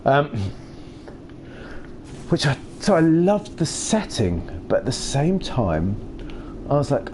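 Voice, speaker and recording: A man's voice: a little high, very animated, slow pace, pauses often, noisy background. A man with a Kentish accent who mumbles a lot, rambling casually while he streams a video game. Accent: Kentish English. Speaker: gaming streamer.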